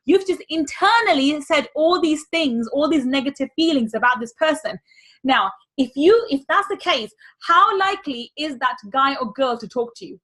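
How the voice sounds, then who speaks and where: Woman, money mindset coach, high voice, energetic, repeats key phrases. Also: normal speed. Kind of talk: teaching a workshop.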